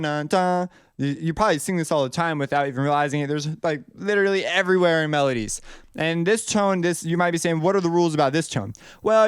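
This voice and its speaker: A young man teaches melody writing in an easygoing, conversational way, often restarting sentences and thinking out loud. His voice sits a little high and sounds smooth and clear. The recording is close and dry. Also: no room sound. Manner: loose and conversational, many restarts, thinks aloud. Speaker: music composition teacher. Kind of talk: casual video lesson.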